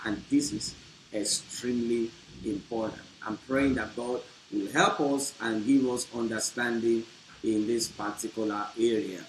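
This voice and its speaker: A man preaching a teaching on marriage, with an emphatic delivery that swells into loud bursts. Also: mid-range voice, fairly even intonation, a little slow. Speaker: pastor. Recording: echoey room with faint hiss.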